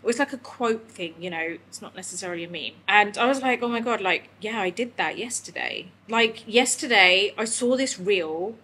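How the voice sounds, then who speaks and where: A woman's voice: medium pitch, moderate pace, hardly any pauses, pushed and bright, a little hiss or hum, rough recording. A young woman chatting candidly in a vlog, emotional and tearful, rambling with lots of fillers. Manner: emotional, rambling, talks to her dog. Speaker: vlogger.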